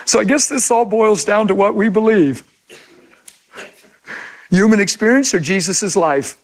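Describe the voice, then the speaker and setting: A man's voice: high-pitched, unhurried. A man preaching a sermon in an impassioned, conversational way, acting out imagined quotes.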